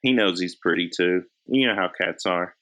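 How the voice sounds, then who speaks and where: A man who works as an editor and publisher, a guest chatting in a relaxed way and laughing easily. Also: low voice, normal speed, rough recording. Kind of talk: casual chat.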